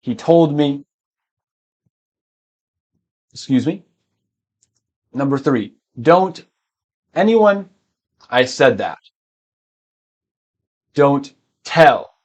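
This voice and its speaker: Male english teacher, live lesson, slow and patient, encouraging, clears throat often. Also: mid-range voice, lively intonation, darkish tone.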